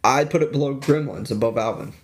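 A young man in relaxed podcast conversation. His voice is mid-pitched, and he argues his picks steadily and in a measured way. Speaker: podcast co-host. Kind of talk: casual chat.

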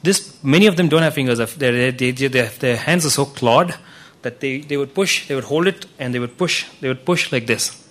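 A man's voice: mid-range voice, normal speed, fairly bright tone. A man giving an earnest church talk with slides, telling stories with frequent restarts. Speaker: ministry speaker presenting to a church.

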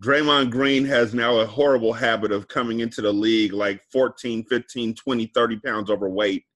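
A man co-hosting a podcast in casual chat, telling stories in an animated, joking way with slang. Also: medium pitch, moderate pace. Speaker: podcast co-host.

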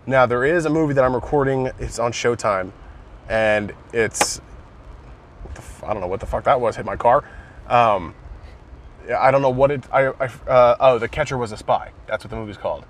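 A man in casual conversation about movies, retelling scenes excitedly and swearing often, recorded in a car. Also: mid-range voice, moderate pace.

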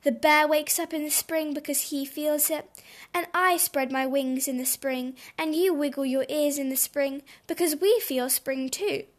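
A woman's voice: high-pitched, a little slow. A woman voicing a cheerful male robin who laughs and explains things kindly in a storybook.

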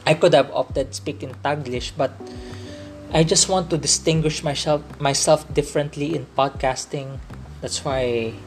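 A man's voice: on the high side, fairly even intonation, a little slow, faint music behind. A man from the Philippines with a Filipino English accent, hosting a faith-based podcast in an earnest way, often repeating and restating his phrases. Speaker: podcast host.

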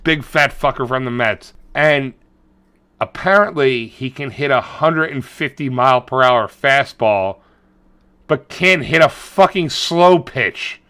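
A man's voice: mid-range voice, slow pace, smooth. A man co-hosting a podcast, ranting and swearing as he retells a movie in casual chat. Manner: profane, ranting, animated retelling. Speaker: podcast co-host.

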